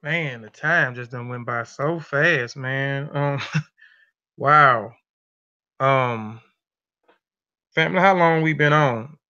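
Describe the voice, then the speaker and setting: Chatty host man, bright dull lo-fi voice. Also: mid-range voice, slow, pauses often. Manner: loose, chatty, addresses the audience as family, many fillers. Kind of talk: casual live show hosting. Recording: dull lo-fi sound.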